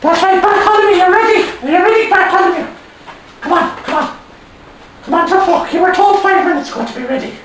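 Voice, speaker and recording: A man's voice: very high voice, fast, background noise. A man voicing a rude, mocking male character who insults and taunts, recorded from far off in an echoey room. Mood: taunting.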